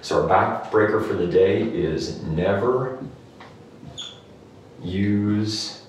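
This clinician's exercise rant to camera is emphatic and full of repeated "okay?" checks, delivered in a lowish voice with drawn-out words. He's recorded from a distance, somewhat off-mic, in a very reverberant room with a touch of noise.

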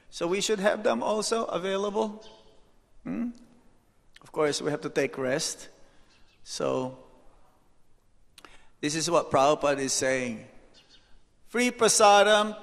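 A man, a monk, giving an unhurried devotional lecture, telling anecdotes and dropping rhetorical "hmm?" asides. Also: sits high, animated, gravelly, fairly bright tone. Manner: storytelling, reads out anecdotes. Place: temple hall. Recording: echoey hall reverb.

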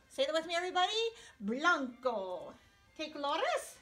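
A woman teaching first graders in a playful video lesson. Her voice is extremely high and swoops widely as she coaxes and corrects, dropping in Spanish phrases. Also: normal speed. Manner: animated, encouraging, peppered with Spanish phrases.

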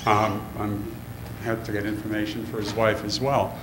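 A man in the audience of a public forum, asking a question haltingly with many pauses and fillers, emotional. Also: lowish voice, flat delivery, fairly bright tone. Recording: echoey hall, audible room noise.

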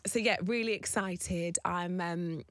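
A British woman in her thirties chatting as a radio guest, telling stories in an animated way with voiced quotes. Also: fairly low pitch, slow, dry recording, studio quality. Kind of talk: radio studio interview. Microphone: studio microphone.

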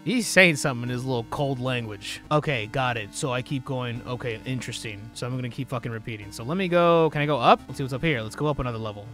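A man streaming a game live, talking through it in an excitable, profane way with sudden yelling outbursts. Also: mid-range voice, fast, few pauses. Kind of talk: live gameplay commentary. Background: faint game soundtrack music.

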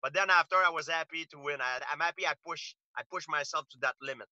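A man's voice: on the high side, quick pace, pushed and bright, dry recording, highs cut off. Earnest man. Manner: earnest storytelling with frequent restarts. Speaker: interview guest, fighter. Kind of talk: casual interview talk.

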